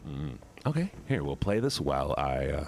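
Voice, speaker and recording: A man's voice: very deep voice, sing-song, moderate pace, creaky, a little hiss or hum. A man, a streamer and voice actor, chatting casually with his viewers while playing a game. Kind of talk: casual gaming livestream chat.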